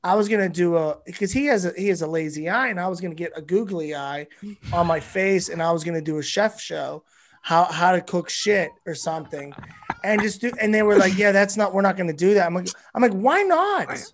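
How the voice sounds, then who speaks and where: A man's voice: high voice, fairly quick, a little hiss or hum. A male comedian guesting on a podcast, telling a rambling, profane story in casual chat.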